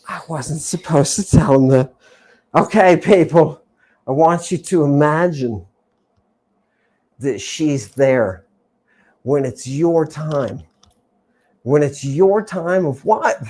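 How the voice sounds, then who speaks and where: Deep, slow and breathy, this female host pauses often while lecturing her livestream chat. Her delivery is dramatic, hammering key words through repetition and shifting from loud outbursts to hushed asides.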